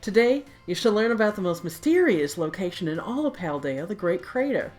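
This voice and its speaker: A woman's voice: medium pitch, very animated, fairly quick, darkish tone, faint music behind, natural voice. A woman voicing a pompous female history teacher who lectures grandly, trying for a southern drawl. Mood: lecturing. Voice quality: attempted southern drawl, theatrical.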